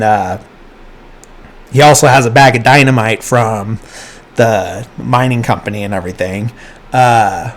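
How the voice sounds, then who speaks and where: A man hosting a podcast, casually retelling a film's plot in a loose, rambling way and briefly acting out the characters' lines. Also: medium pitch. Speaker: podcast host. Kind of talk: casual movie plot recap.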